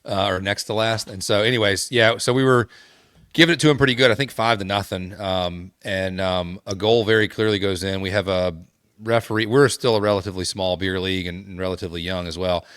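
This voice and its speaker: A man with a lowish voice hosts a casual podcast and rambles through a story, stopping and restarting often. The sound is dry and close, with no room around it. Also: fairly even intonation, fairly quick, fairly bright tone, clean tone, no room sound. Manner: rambling, many fillers and restarts. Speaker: podcast host.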